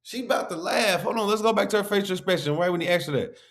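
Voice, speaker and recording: A man's voice: high voice, fast, fairly bright tone. A man hosting a reaction video, ranting animatedly and profanely with frequent laughs. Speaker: host reacting to a clip. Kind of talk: casual reaction commentary.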